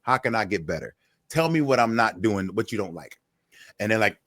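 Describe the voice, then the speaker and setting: This man's lowish voice moves briskly through casual podcast banter as he co-hosts, spinning animated stories and voicing the people he quotes. Sound is clean, studio-grade, and echo-free.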